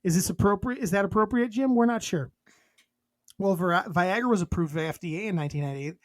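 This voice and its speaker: A man's voice: high voice, fast talker, dry recording. A man co-hosting a podcast in casual chat, reading a list aloud and cracking crude jokes between items. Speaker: podcast co-host.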